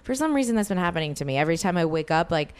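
A woman's voice: lowish voice, big pitch swings, rapid-fire, clean tone. A woman hosting a podcast, telling a rambling story in casual chat, full of fillers and swearing. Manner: chatty, rambling, heavy use of fillers and swearing. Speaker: podcast host.

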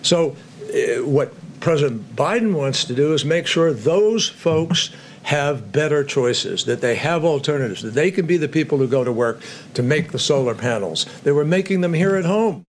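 Guy explaining policy in a measured way, kinda high voice, little noise under it. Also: lively intonation. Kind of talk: political spokesperson remarks.

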